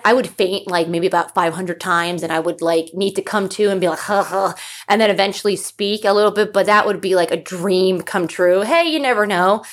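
A young woman hosting a solo podcast, chatting casually and gushing, with lots of fillers and asides. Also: mid-range voice. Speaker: podcast host.

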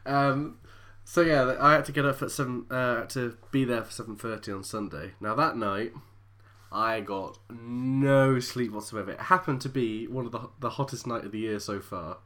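Very low-voiced tired woman. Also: a little slow, a bit bright. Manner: dry, rambling, self-mocking, laughs often. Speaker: podcast co-host. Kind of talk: casual chat.

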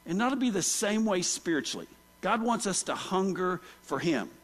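A man with a notably high voice preaches in a relaxed, conversational style, stumbling through restarts and drawing the congregation in with questions. His voice carries a long reverb tail from a large church hall. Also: moderate pace. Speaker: pastor. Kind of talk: sermon.

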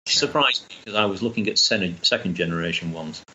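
A man's voice: deep voice, a little fast, bright, forceful tone, muffled recording. A man chatting enthusiastically as a guest, rambling with restarts. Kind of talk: casual chat.

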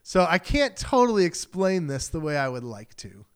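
A man's voice: on the high side, big pitch swings, moderate pace, clean tone. A man preaching a sermon as pastor, talking in a loose conversational way and acting out quoted voices.

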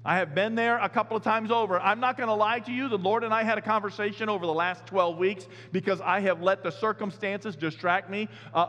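A man preaching a sermon as pastor, talking in a lively, conversational way with sudden loud bursts. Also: high voice. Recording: long hall reverb.

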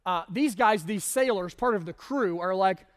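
A male pastor preaching to his congregation, telling a story with animated asides. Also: high-pitched, moderate pace. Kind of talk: sermon. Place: church in front of a congregation.

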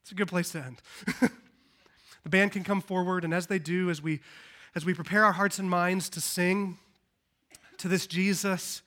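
High, bright-voiced man preaching. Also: fairly even intonation, normal speed, pauses often. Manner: emphatic preaching, swings from loud to hushed. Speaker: pastor. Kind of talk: live Christmas sermon. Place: church service. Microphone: handheld microphone.

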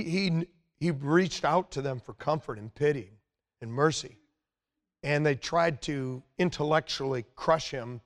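A middle-aged male preacher with a somewhat high voice delivers a Bible sermon. He talks conversationally but with emphasis, pushing his voice up as he presses a point. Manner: conversational, emphatic, rises in pitch when stirred.

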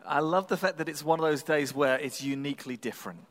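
A pastor preaching a sermon in a church, telling stories in a relaxed, humorous, conversational way. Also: male voice, fairly high pitch, fast talker. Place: church sanctuary. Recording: long reverb in a large hall.

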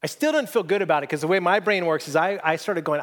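Man, pastor, conversational sermon, self-deprecating, somewhat high voice. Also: quick pace, a bit bright. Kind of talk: sermon with personal stories.

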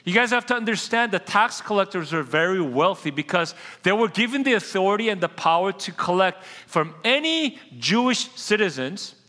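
High, bright-voiced man preaching casually. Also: animated, moderate pace, hardly any pauses, big-room sound. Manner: casual, conversational preaching that addresses the congregation directly. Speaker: pastor. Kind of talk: sermon.

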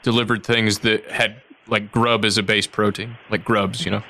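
A man's voice: lowish voice, flat delivery, moderate pace, pushed and bright, a little hiss or hum. A man hosting a comedy podcast, making prank calls and asking absurd questions with a straight face. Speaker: podcast host and prank caller. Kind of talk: prank phone call banter.

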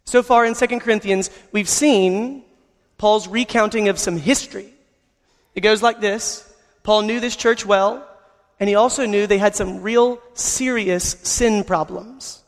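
A man's voice: high-pitched, fairly even intonation, unhurried. A man preaching a sermon, telling a story in an earnest way, recorded in a reverberant hall. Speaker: pastor.

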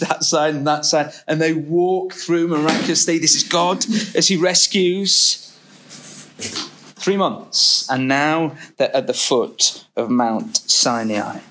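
A middle-aged man preaching a sermon, reading scripture and acting out quotes with humor. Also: on the high side. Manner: lively, expressive preaching with humor and acted-out quotes.

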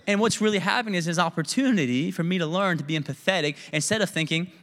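A man's voice: sits high, fast talker, few pauses, a bit bright, in a large hall. A man preaching a sermon as pastor, candid and self-deprecating in a conversational way. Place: church sanctuary.

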